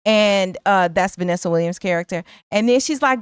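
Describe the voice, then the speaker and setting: A woman's voice: mid-range voice, fairly quick, few pauses, clean tone, no room sound. Woman co-host, mid-range voice, chatty movie-recap delivery, dry close mic. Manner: animated, acts out characters' lines in quotes; chatty, slangy.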